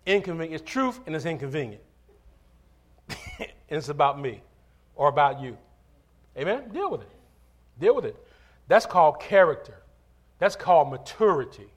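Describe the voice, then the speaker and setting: A man's voice: fairly high pitch, very animated, moderate pace, long pauses. A male pastor preaching a sermon, calling for amens and telling casual stories between points. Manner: call-and-response preaching, asks for amens; conversational asides and storytelling.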